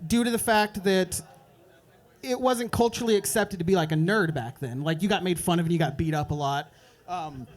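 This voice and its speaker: A young man doing a stand-up set at an open mic night, telling a rambling story and dropping into quick voices for the people in it. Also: high-pitched. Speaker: stand-up comedian. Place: open mic comedy club.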